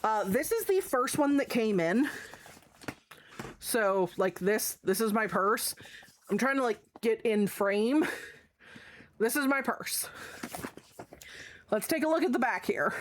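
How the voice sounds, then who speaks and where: On a desk mic with a little hiss or hum, a woman streamer with a slightly high voice does a rambling show-and-tell for her live chat. She talks slowly with lively intonation, pauses often and curses without holding back.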